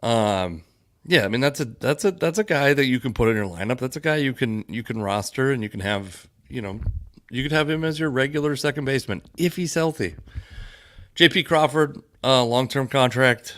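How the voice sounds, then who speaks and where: A man's voice: mid-range voice, animated, moderate pace, a bit bright. A man hosting a casual sports podcast, rambling and correcting himself as he thinks aloud.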